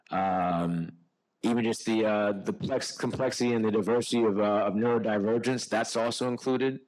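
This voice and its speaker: A middle-aged man addresses an audience in an earnest, conversational way. His voice sits in a middle pitch. He tells personal stories and often restarts his sentences. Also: rough recording. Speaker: physician and author speaking at a book discussion. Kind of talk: informal talk to an audience.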